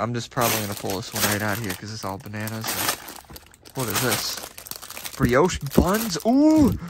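Outdoors at a store dumpster, a man with a medium-pitched voice vlogs as he digs through it, chatting excitedly to the camera and often dropping to a half-whisper. He's animated, exclaims a lot and breaks into laughter, over loud background noise and clattering.

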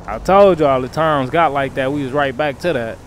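A man streaming a crime roleplay game, talking in character to his viewers in heavy slang and frequent swearing, swinging between low grumbles and loud outbursts. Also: moderate pace, a little hiss or hum. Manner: slangy, swears a lot, keeps calling out to viewers.

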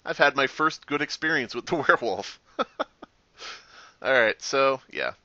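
A man hosting a gaming channel, talking over his own play with sarcastic asides and a lot of swearing. His voice is bright and leaps around in pitch. The sound is close and dry, with a slightly dull, muffled top end. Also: slow, no echo. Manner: sarcastic, swearing, animated reactions. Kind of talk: gameplay commentary.

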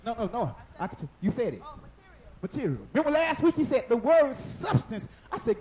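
A man delivers a sermon in a very high voice that climbs and dips all over. He trades calls and answers with the congregation and rises to shouting at the peaks. A faint hiss runs underneath. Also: moderate pace, rough recording. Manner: animated, call-and-response with the congregation; breaks into shouting at high points. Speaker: preacher. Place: church service.

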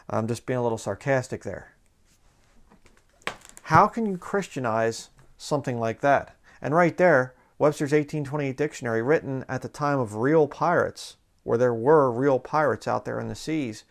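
Pastor guy ranting on video, bit of fry in his voice, dry sarcastic chatty tone. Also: medium pitch, moderate pace. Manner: sarcastic, conversational, reads aloud from sources. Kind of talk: sermon-like video commentary.

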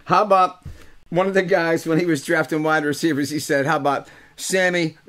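An older man from talks to his webcast viewers in a loose, joking way. He teases the audience, swears freely and fills his pauses with plenty of uhs. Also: fairly high pitch, fairly bright tone. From Pittsburgh, USA. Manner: joking, teasing, swearing, with lots of fillers. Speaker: host and musician. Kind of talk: casual comic monologue to a webcast audience. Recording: live webcast audio.

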